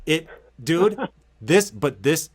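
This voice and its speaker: A man hosting an interview, telling a long story in a casual, energetic way and swearing freely. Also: fairly high pitch, slow pace, slightly rough. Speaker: podcast host.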